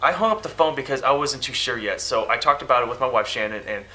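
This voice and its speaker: A man's voice: medium pitch, fast, bright, forceful tone, soft background music. A man casually telling a rambling story to camera, often acting out the phone conversation he describes. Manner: rambling, quotes phone dialogue. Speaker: vlogger.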